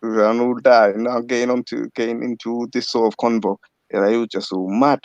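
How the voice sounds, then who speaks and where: A gravelly-voiced man rambles through his story in casual livestream chat, swearing as he goes. The sound is dull and lo-fi, dry and close over an online call. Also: medium pitch, flat delivery, brisk, darkish tone, dry recording. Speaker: panel guest. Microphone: video call.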